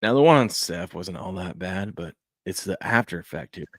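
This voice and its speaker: A man hosts a loose, casual sports talk show, his voice sitting a little low. He rambles and trips over his own sentences, restarting as he goes. The sound is close and dry, with no room around him. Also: expressive, normal speed, fairly bright tone, no room sound. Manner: rambling, repeats himself, frequent restarts and fillers.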